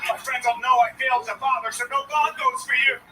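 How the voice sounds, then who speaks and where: A middle-aged man telling a stand-up story in a high-pitched voice, shifting between exasperated rants and quick asides. He sounds off-mic and a little distant. A loud wash of room noise runs under every line. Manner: animated, exasperated, ranting. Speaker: stand-up comedian.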